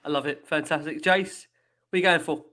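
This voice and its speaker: A man's voice: on the high side, fairly even intonation, brisk, pushed and bright. A man hosting a football fan podcast, upbeat and enthusiastic. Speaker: podcast host. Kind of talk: casual chat.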